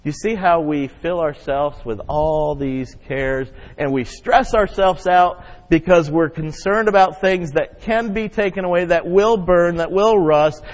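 A man preaching a sermon, leading the congregation in call-and-response and rising loud on key points. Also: a little high, measured pace, hardly any pauses. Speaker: pastor. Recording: muffled sound with long hall reverb.

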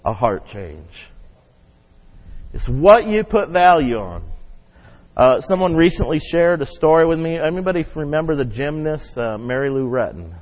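A man preaching a sermon, leading the congregation in call-and-response and rising loud on key points. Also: a little high, lively intonation, moderate pace. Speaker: pastor. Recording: muffled sound with long hall reverb.

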